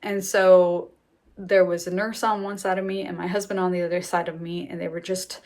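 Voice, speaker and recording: A woman's voice: on the low side, little pitch movement, moderate pace, a little mellow. A young woman candidly recounting her first birth story in a chatty way, laughing often. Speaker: vlogger. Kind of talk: personal storytelling.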